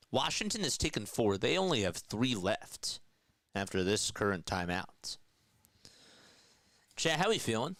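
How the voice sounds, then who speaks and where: Here the young play-by-play announcer keeps his basketball call loose and chatty, reading viewer comments aloud between plays, radio-style. The voice is mid-range and a bit bright, recorded roughly but without echo.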